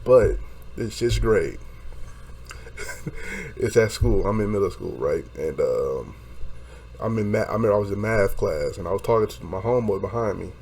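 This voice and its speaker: A young man casually telling a story, animated and profane, acting out quotes and laughing along the way. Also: lowish voice, normal speed, pauses often.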